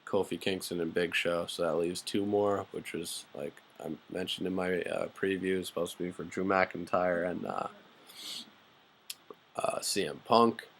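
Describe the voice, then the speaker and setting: A man with a deep, gravelly voice talks through a wrestling show recap in a loose, rambling way. He drops "uh" and "like" constantly and mixes in blunt, profane opinions, all in a flat, level delivery. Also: measured pace, slight background noise. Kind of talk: casual spoken recap.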